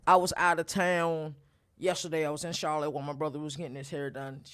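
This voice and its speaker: A young man hosting a casual college sports talk show, animated and rambling, with lots of shout-outs. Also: a little high, fast talker, clear, resonant tone. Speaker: podcast host.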